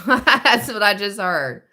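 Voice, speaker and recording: A woman hosting a relaxed tarot reading on a live stream. She talks at an unhurried, slow pace and draws out her phrases. She chats and thinks aloud as she goes. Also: medium pitch. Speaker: tarot reader.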